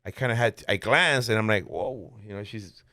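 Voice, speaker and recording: A man's voice: on the low side, a little fast, dry recording, clean studio sound. A man casually telling a story on a podcast, acting out the quoted lines with sudden jumps in his voice. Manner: animated, acts out quotes in raised voice. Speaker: podcast guest.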